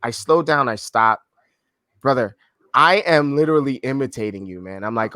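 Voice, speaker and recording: A man's voice: mid-range voice, moderate pace, pushed and bright, no echo. A man hosting an interview podcast, talking in a loose, effusive way, repeating his words and calling his guest "man" and "brother.". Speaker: podcast host. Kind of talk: casual interview chat.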